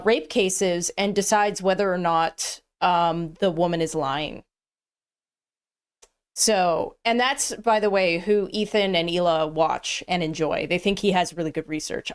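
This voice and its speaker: A woman's voice: mid-range voice, clean tone. A woman ranting casually on a livestream, dismissive and mocking, with lots of ums and uhs. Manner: dismissive and mocking, with filler words.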